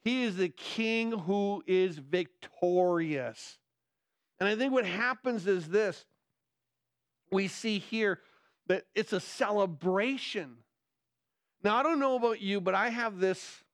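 A male pastor preaching a sermon, excitable and getting louder as he gets worked up, often restarting his words. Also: high-pitched, takes it slowly, pauses often, no room sound. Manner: excitable, gets loud when excited, many repeated restarts.

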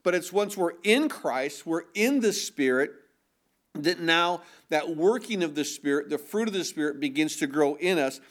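Earnest preacher man, slightly high voice. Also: lively intonation, moderate pace. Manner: earnest, repetitive, asks the audience questions. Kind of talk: sermon.

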